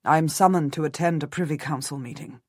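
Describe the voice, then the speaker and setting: A woman reading an audiobook voices a guarded, middle-aged noble husband speaking in a measured, matter-of-fact way. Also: deep voice, a little mellow, dry recording, studio quality.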